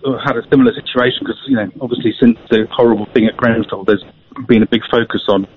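A man calling a radio show on a tablet headset, talking hesitantly with many pauses. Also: mid-range voice, steady tone. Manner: hesitant, many ums, earnest. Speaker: caller. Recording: dull lo-fi phone-in audio.

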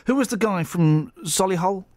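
A man hosts a morning radio show from a studio, with a voice pitched a little high. He talks casually and teasingly, restarting his sentences often. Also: moderate pace, darkish tone, dry recording. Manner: playful, teasing, often stumbling over words. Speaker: radio host.

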